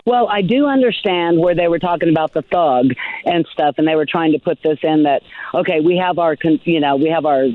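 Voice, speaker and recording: A woman's voice: low voice, brisk, dry recording. A woman calling in to a radio talk show, speaking in a matter-of-fact, conversational way. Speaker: caller. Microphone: telephone. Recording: tinny phone line.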